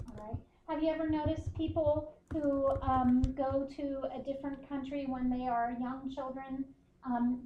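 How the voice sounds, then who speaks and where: A woman's voice: sits high, mellow, roomy sound, dull audio, a little hiss or hum. A woman instructor giving a conversational classroom lecture, often checking in with her students. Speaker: university instructor.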